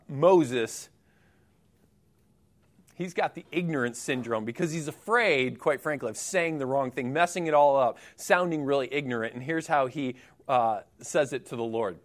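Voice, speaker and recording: A middle-aged man preaching a sermon in a relaxed, conversational way, with jokey asides and lively emphasis. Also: medium pitch, measured pace. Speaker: pastor.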